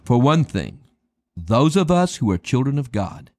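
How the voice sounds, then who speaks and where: A man preaching a sermon, emphatic and dramatic, slowing down to stress key words and calling his listeners beloved. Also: medium pitch, very animated, no room sound, clean studio sound. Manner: addresses listeners as beloved and friends.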